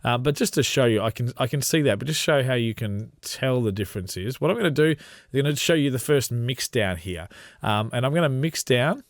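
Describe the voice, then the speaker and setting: A man walking through a software tutorial as a radio trainer, explaining step by step in a relaxed way with frequent ums. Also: medium pitch, brisk, dry recording, studio quality.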